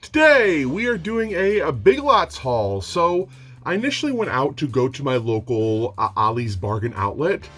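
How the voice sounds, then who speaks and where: A young man talking casually in a home vlog, rambling and self-mocking, getting excitable as he shows off his finds. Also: mid-range voice, moderate pace, a little hiss or hum. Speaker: DVD collector vlogger. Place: home room.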